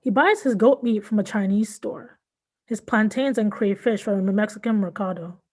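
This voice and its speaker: A woman author reads her own short story aloud at a measured pace. Her voice is mellow and darkly colored, with a middle pitch. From born in Nigeria, raised in Southern California. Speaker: fiction writer reading her work. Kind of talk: literary reading.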